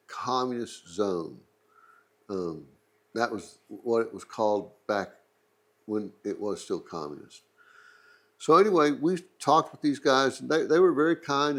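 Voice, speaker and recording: Middle-aged texan guy rambling thru a funny travel story, easygoing, mid pitch. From Texas. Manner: rambling, joking anecdote with asides. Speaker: museum channel host. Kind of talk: casual storytelling.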